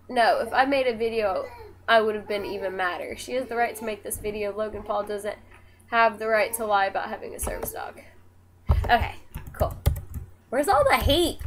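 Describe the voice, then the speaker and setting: A woman's voice: a little high, slight background noise, low-quality recording. A young woman casually chatting on a live stream as she reads and answers viewer comments. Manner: chatty, scolding her dogs between comments. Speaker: vlogger reading live comments.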